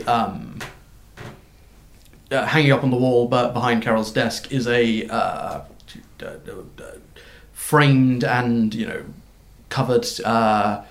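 A man narrating as game master of a tabletop game, halting and full of fillers. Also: medium pitch, steady tone, echoey room. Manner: halting, with many fillers and restarts.

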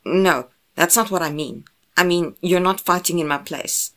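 Woman doing a blunt gruff guy, low voice, short clipped lines. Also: steady tone, normal speed, fairly bright tone, natural voice. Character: gruff, blunt grown man, lover and hunter.

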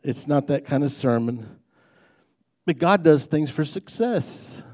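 This man's voice sits on the high side, slow and darkish in tone, with lively intonation. His sermon is folksy and conversational, blending gentle jokes with building emphasis on the main ideas, much as a pastor addresses his flock head-on.

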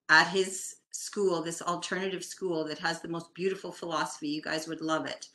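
A woman's voice: lowish voice, pushed and bright, reverberant. An older woman from Canada, a guest chatting animatedly as she tells a long personal story. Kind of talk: casual storytelling.

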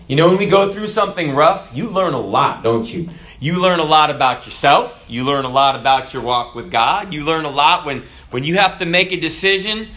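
A male pastor delivers a sermon in a relaxed, conversational way. He poses rhetorical questions to his listeners. His voice sits slightly higher than most men's. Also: normal speed.

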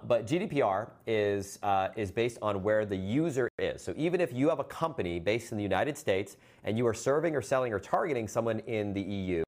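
A man hosting a webinar, recapping with lots of fillers and restarts. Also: lowish voice. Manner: rambling, filler-heavy recap. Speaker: host.

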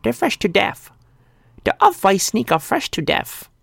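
A man putting on a weird, squeaky baby-like voice, silly and exaggerated. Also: very animated, measured pace, vocal fry, fairly bright tone, breathy edge, no room sound, clean studio sound, heavily acted. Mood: gushing. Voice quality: high and squeaky.

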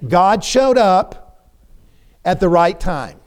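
A man's voice: high-pitched, very animated, takes it slowly. A middle-aged man preaching a sermon, emphatic, repeating words for stress and putting questions to the congregation.

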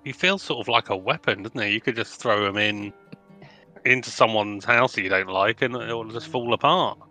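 A man's voice: on the low side, moderate pace, bright, forceful tone, faint music behind. A man playing a tabletop game, making casual joking asides. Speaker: player.

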